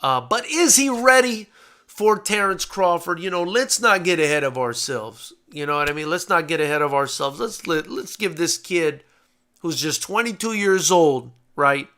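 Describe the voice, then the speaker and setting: A man hosting a live post-fight boxing reaction stream, chatting casually, getting excited and swearing freely. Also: fairly high pitch, normal speed. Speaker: boxing show host.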